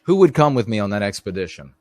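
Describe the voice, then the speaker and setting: A man's voice: fairly low pitch, sing-song, fast talker, darkish tone, no echo. A middle-aged man hosting a live stream, telling rambling stories in a casual monologue and talking straight to his viewers. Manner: rambling storyteller, addresses viewers directly.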